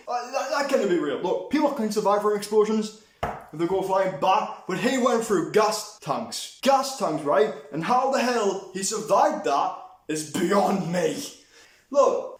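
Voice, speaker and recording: A young man ranting through a movie review, sweary and rambling with many restarts. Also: sits high. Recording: echoey room.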